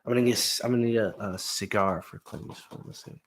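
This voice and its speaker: A man's voice: fairly low pitch, fast. A young man, a comedian, chatting casually on a live stream in a rambling, self-deprecating, crude way.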